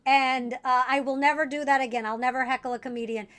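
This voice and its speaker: A woman comedian on a talk show panel, telling stories about herself in a quick, self-mocking way. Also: sits high, steady tone, a bit bright, clean tone. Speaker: comedian co-host. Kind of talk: casual panel chat.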